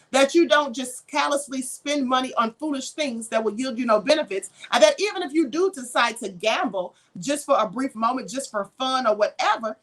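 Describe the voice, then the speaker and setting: A high-pitched woman hosts a spiritual livestream, teaching in a conversational, preachy way. She poses rhetorical questions to her viewers and answers chat comments as she goes. She was raised in Kentucky. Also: fairly bright tone. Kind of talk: live-stream teaching, reading chat comments.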